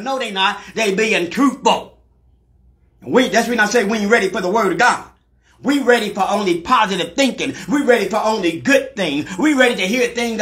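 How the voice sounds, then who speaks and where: Fiery preacher man, bright high voice. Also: expressive, fairly quick. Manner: preaching with shouted bursts and call-outs. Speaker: pastor. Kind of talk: fiery live sermon. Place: church sanctuary.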